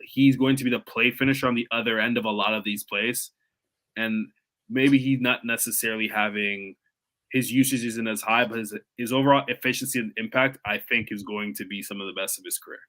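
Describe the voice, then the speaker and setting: A man with a fairly low but bright, forceful voice weighs player roles in a measured way. He restarts a few phrases as he thinks aloud. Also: fairly even intonation, rough recording. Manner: measured, thoughtful analysis with small restarts. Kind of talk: casual basketball analysis chat.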